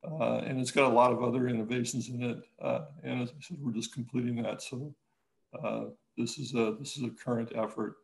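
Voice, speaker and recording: A man, an architect, talking casually in an interview, halting with many restarts and growing lively when he tells a story. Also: medium pitch, creaky, poor audio. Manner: halting, many restarts and fillers, animated when telling stories.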